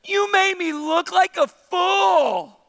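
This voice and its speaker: A man's voice: very high voice, animated, slow pace, fairly bright tone, in a large hall, heavily acted. A man voicing Delilah as a scheming young woman who plays melodramatic, fake hurt. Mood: indignant.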